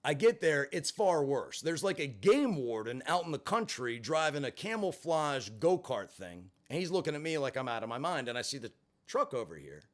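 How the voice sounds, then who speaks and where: A man's voice: medium pitch, sing-song, normal speed. A middle-aged man telling a personal story to camera, candid and emphatic, swearing freely. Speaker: vlogger in recovery. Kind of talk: storytelling monologue.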